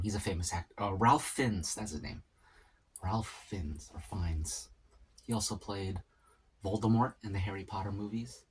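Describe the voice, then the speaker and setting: A man talks casually to the camera while eating, letting his thoughts wander from one point to the next. His voice sits low. A faint hiss runs under the recording. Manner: rambling, musing aloud with pauses. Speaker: mukbang vlogger. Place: home, at a table eating.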